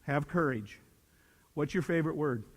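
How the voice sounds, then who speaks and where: An older man, a motivational speaker, addresses young people live, his animated delivery swinging between loud bursts and hushed asides. His voice sits a little high and moves at a normal speed, echoing through a reverberant hall.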